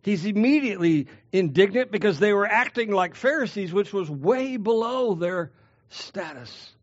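A man preaching a sermon as pastor, slowing down to stress key words. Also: high voice, lively intonation, lo-fi sound.

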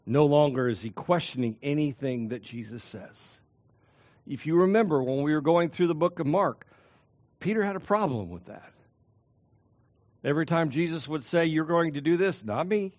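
A man preaching an expository sermon as a pastor, earnest and emphatic, slowing down to stress key phrases. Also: fairly high pitch, darkish tone, dry recording, lo-fi sound.

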